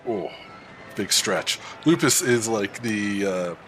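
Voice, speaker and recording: A man streams a game from a standing desk in a room at home, chatting casually, reading the chat, and animatedly answering viewers as he plays. His voice is on the low side and slow-paced, with faint music behind it.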